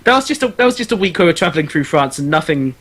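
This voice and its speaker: A man's voice: a little high, sing-song, very fast, fairly bright tone. A man from England hosting a podcast on a video call, telling a travel story in casual chat, swearing freely and laughing often. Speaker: podcast host.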